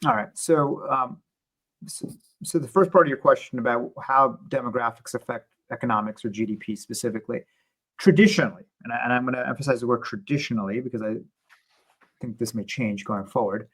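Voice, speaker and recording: A man speaking as an interview guest, explaining economics in a measured, conversational way with occasional restarts. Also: mid-range voice, steady tone, a bit bright, husky, rough recording.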